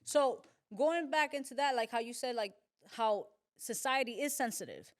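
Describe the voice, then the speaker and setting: A woman's voice: fairly high pitch, normal speed. A woman hosting a casual podcast interview, talking conversationally and affirming her guest often. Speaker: podcast host.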